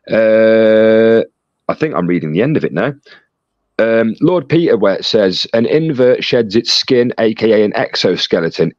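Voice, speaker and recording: Man, low voice, reading chat aloud, jokey banter, dull dry phone sound. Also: no echo. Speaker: chat moderator. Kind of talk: reading out live stream chat. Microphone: phone call.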